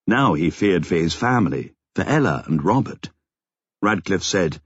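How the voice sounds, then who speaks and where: A man reading a story aloud in a measured, steady storytelling manner. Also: low voice, slightly rough, no room sound, lo-fi sound. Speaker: audiobook narrator. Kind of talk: scripted narration.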